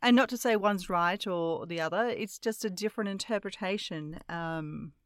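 A woman's voice: medium pitch, moderate pace, dry recording, clean studio sound. Chatty woman host. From Australia. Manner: chatty, laughs often, many restarts. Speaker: podcast host. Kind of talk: casual interview chat.

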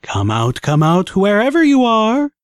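A man's voice: fairly high pitch, sing-song, moderate pace, no room sound, studio quality. A man voicing a sadistic male slaver pony who gloats and taunts in a mocking singsong. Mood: taunting.

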